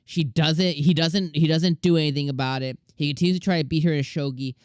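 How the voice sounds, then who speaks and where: A man's voice: on the high side, steady tone, quick pace, smooth, no room sound, clean studio sound. A young man hosting an anime review show, talking casually and animatedly with lots of slang and filler words.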